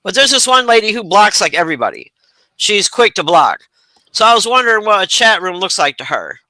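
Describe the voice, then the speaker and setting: A man in a casual online voice chat, telling animated stories, acting out his own reactions and swearing freely. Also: high voice, fairly quick, no room sound, rough recording.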